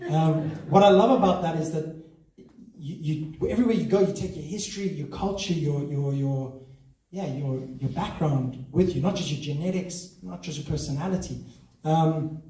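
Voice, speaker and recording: A man's voice: a little high, moderate pace, mellow. A man doing a stand-up set on a theatre stage, chatty and self-mocking, often laughing between lines. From South Africa. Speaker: stand-up comedian. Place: theatre stage before a live audience. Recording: echoey hall from far off.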